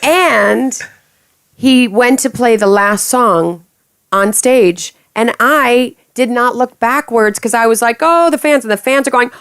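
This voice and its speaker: A woman's voice: fairly high pitch, takes it slowly, a bit bright, clear, resonant tone, no echo, clean studio sound. Playful, laughing woman guest. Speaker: singer, interview guest. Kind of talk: casual interview chat.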